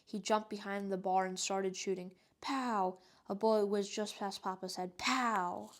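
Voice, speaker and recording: A woman reading a children's book aloud in a steady, even narrating voice. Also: medium pitch, normal speed. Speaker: storyteller.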